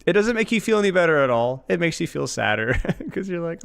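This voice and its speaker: A man's voice: fairly high pitch, a little fast, creaky, clean tone. A man co-hosting a gameplay review, chatting casually and giving advice. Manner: relaxed, chatty, fillers like "like" and "dude". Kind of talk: casual commentary.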